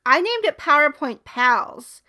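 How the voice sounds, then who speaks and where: A young woman with a high voice co-hosts a podcast, chatting casually at a measured pace while a crowd can be heard in the background. She's giggly and animated, rambling and laughing often.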